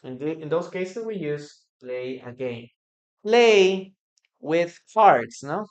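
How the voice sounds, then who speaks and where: Slow and lively, this slightly high male voice comes through with lo-fi sound. The speaker, a native Spanish speaker with a Peruvian accent, runs a live online English class, replaying phrases for learners to practice and replying to viewer comments.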